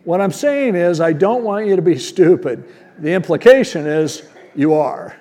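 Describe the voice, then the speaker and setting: A man's voice: high-pitched, animated, normal speed, darkish tone. A man preaching a sermon as pastor, teaching verse by verse in a conversational, plain-spoken way and asking rhetorical questions.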